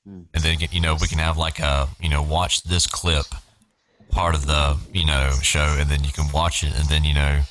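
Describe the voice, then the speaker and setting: A man's voice: extremely low pitch, level tone, normal speed, a bit bright, no echo. A man hosting a casual group video chat, talking hesitantly with many fillers and restarts. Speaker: host planning a show.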